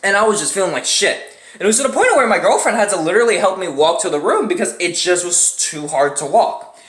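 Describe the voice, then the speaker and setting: A man's voice: sits high, expressive, quick pace, a bit bright, roomy sound. A young man telling a story in a casual, profane way, acting out the people he quotes with laughs and grunts.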